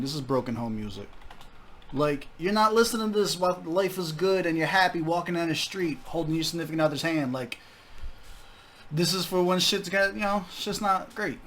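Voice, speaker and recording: A man's voice: on the high side, a bit bright, slight background noise. Profane, upbeat young man reviewing music. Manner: candid, profane, enthusiastic. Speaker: music reaction host. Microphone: desk microphone.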